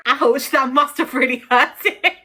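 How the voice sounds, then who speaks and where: Bright, high-voiced giggly woman vlogger. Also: unhurried, faint music behind. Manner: chatty, giggly, many "like"s. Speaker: YouTuber. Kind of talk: casual vlog chat.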